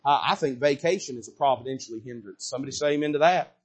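A man preaching a sermon from a church pulpit, folksy and repetitive, building to shouts and then dropping low. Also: fast, breathy edge. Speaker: pastor. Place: church sanctuary.

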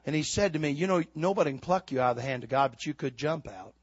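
Older man, fiery sermon, high voice, dull dry recording. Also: lively intonation, fast talker, breathy edge, dry recording. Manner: fiery preaching, builds to shouts then drops to quiet storytelling. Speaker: preacher.

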